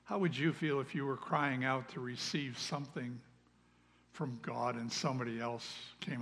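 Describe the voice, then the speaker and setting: A man giving a sermon as pastor, earnest, swinging between loud calls and hushed asides. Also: medium pitch, fairly even intonation, normal speed. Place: church sanctuary. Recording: long reverb of a large hall.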